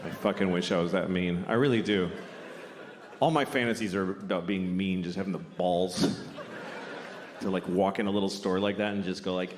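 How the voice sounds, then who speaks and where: A man's voice: deep voice, fairly even intonation, moderate pace. Profane male stand-up comic in a big hall. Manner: profane, blunt, conversational, exaggerated rants. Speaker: stand-up comedian. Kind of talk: stand-up comedy set. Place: theater stage before a laughing audience. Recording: reverberant live hall with crowd noise.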